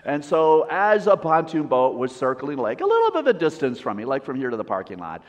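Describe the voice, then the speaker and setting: A man preaching a sermon as a pastor, telling a story with lively swings and soft, intimate drops. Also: on the high side, fast. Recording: long reverb, dull lo-fi sound.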